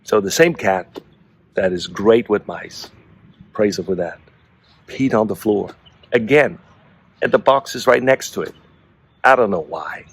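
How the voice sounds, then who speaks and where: A man's voice: on the low side, expressive, unhurried, pauses often, breathy edge. A middle-aged man casually telling a story to the camera, amused and chuckling between phrases. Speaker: vlogger.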